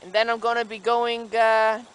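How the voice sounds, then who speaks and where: A man's voice: extremely high pitch, little pitch movement, normal speed, a bit bright, clear, resonant tone, low-quality recording. A man from Canada narrating a casual outdoor vlog in a snowy forest, talking through each task and marveling at the scenery. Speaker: vlogger.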